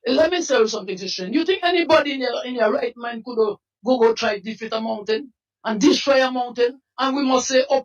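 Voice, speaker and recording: A man with a Dominican accent, a protest leader giving an impassioned interview with fiery, preacher-like appeals and bursts of shouting. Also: very high voice. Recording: distant mic.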